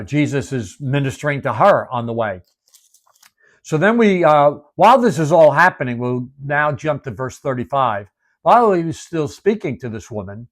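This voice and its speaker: Male preacher, sermon storytelling, mid-pitched, swings from emphatic to hushed.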